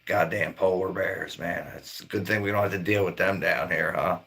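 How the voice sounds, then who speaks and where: Middle-aged livestream host from Maryland, low gravelly voice, rambling and swearing. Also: male voice, fairly even intonation, normal speed, a bit bright. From Maryland, near Baltimore. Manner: rambling, laid-back, swears a lot. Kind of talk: casual livestream chat.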